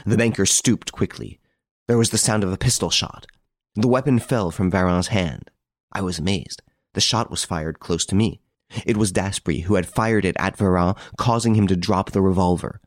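A man reading a first-person story aloud as an audiobook narrator, measured and steady. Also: fairly low pitch, no room sound, studio quality. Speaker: audiobook reader.

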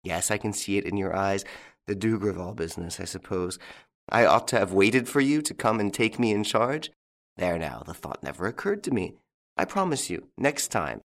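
A man reading the part of a suave, mocking young gentleman thief in an audiobook, with a playful, teasing manner. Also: fairly low pitch, lively intonation, normal speed.

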